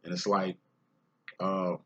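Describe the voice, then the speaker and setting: A man's voice: deep voice, monotone, slow. A man giving a casual spiritual monologue as a twin flame reader, talking in rambling, profane street slang. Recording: dull lo-fi audio.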